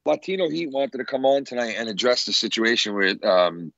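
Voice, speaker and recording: A man co-hosting a casual stream. He is easygoing and circles his points with fillers and restarts. His pitch is middling, and the audio is dry and muffled. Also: expressive, fairly quick, vocal fry, a bit bright, no room sound. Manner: laid-back, hedging with fillers. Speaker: co-host. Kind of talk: casual livestream chat.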